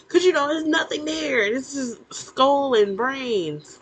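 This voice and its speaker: A woman casually recapping a TV episode to the camera, animated and incredulous, with plenty of fillers and laughs. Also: sits high, normal speed, breathy edge, poor audio.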